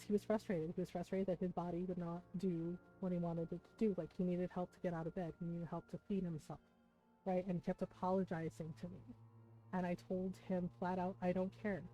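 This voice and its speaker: A woman's voice: fairly low pitch, level tone, fairly quick. A woman streamer, chatting casually and emotionally to her viewers, close to tears and full of fillers. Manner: emotional, many fillers and "right?" asides. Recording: dull lo-fi stream audio with soft music.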